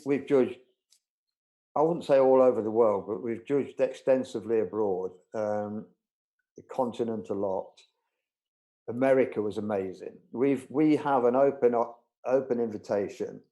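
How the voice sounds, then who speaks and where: A man's voice: medium pitch, unhurried, warm tone. A man, a bird-show judge, answering live interview questions with enthusiasm, often repeating his words. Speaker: budgerigar exhibitor and judge.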